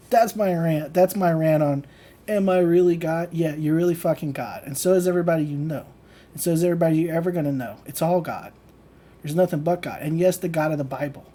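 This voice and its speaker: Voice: medium pitch, fairly quick, mellow. A channel host giving a casual livestream rant, blunt and profane, loose and conversational with lots of fillers. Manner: laughs between points. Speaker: channel host teaching manifestation.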